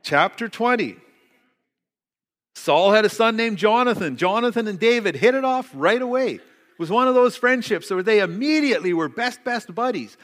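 Middle-aged man, pastor, sermon, storytelling, slightly high voice, reverberant church hall. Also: a little fast. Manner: storytelling, animated, jokey asides.

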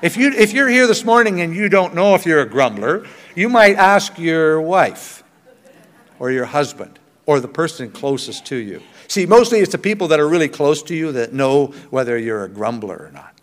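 An older man preaching from the pulpit in a slightly higher voice, earnest and chatty, poking fun at himself as he goes. His words ring out with a long reverb, as in a large church hall. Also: sing-song, moderate pace, a bit bright. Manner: earnest and conversational, with self-deprecating humor. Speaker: pastor. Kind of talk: sermon.

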